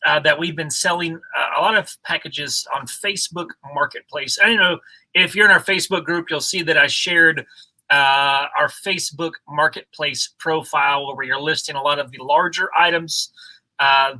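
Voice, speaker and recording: A man co-hosting a casual livestream, talking in a relaxed, rambling way with many fillers. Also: a little high, rough recording. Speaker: co-host of a reselling livestream.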